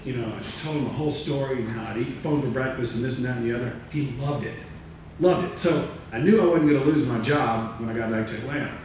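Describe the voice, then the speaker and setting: A man giving a talk, telling a story from his career in a lively way, acting out other people's lines and laughing at himself. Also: mid-range voice, quick pace. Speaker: motivational speaker. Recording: echoey room, distant mic, faint noise.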